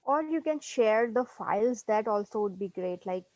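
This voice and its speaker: A woman student speaking up during an online class, her voice at a medium pitch. She makes polite, soft-spoken suggestions over the video call. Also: animated, normal speed, rough recording. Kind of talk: asking questions in an online class. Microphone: computer mic on a video call.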